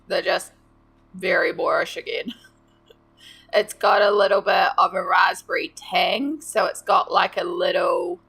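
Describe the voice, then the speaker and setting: A woman's voice: lowish voice, a little slow, gravelly, a bit bright, slightly rough. A woman, chatting casually with viewers on a live stream while she colours, greeting and thanking them by name. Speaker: art streamer.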